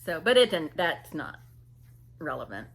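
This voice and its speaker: A woman's voice: deep voice, sing-song, a little slow, vocal fry, a bit bright, husky. A woman vlogger telling a story casually and animatedly, imitating people and laughing often.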